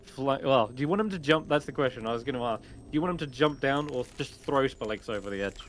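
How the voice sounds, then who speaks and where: A man narrating a tabletop game as game master, lively and quick to laugh. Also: medium pitch, slight background noise.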